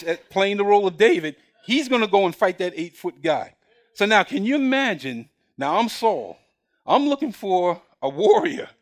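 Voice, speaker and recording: High, lively, joking male preacher. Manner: animated, jokey, acts out scenes, calls up a boy from the congregation. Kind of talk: lively sermon with acted-out scenes. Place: church, in front of a congregation. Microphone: recorded on camera for broadcast.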